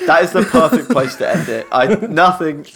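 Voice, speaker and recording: Man, podcast host, teasing, casual chat, slightly high voice. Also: lively intonation, normal speed, vocal fry, crowd noise. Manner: wraps up the show, teasing.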